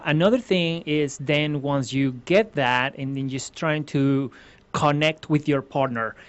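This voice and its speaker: A man from Venezuela, a ballroom dance instructor answering interview questions earnestly, explaining step by step with many restarts. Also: medium pitch. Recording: slightly muffled lo-fi sound.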